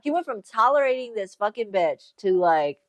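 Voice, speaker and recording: Woman podcast co-host, casual recap, lively and profane, dry booth. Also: on the high side, moderate pace, no echo. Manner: animated retelling, swearing and laughing often. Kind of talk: casual book recap chat.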